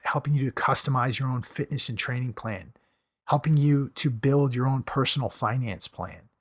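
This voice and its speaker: Male podcast host, hoarse from losing his voice, punchy motivational delivery with repeated phrases. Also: mid-range voice. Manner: emphatic, repeats phrases for stress.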